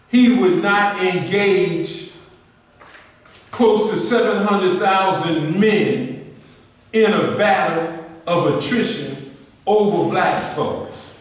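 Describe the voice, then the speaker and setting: A man delivers a history lecture to a group. He speaks slowly in a high voice, pressing his points with questions and repetition. He is heard from a distance in a roomy, echoing hall. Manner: questioning, emphatic, repeats points. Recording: echoey room, distant mic.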